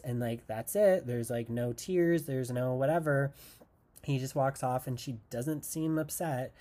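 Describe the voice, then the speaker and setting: A man's voice: mid-range voice, measured pace, dark tone. A man hosting a casual podcast episode, recapping a TV finale in a sarcastic, chatty way, peppering his talk with "like" and acting out the characters' lines. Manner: sarcastic, full of "like", acts out quoted lines. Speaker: podcast host recapping a TV show.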